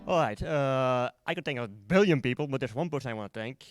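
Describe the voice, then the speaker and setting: A man's voice: mid-range voice, expressive, fairly quick, soft background music. A man at a live event giving a short, heartfelt thank-you speech to his friends. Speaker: event participant.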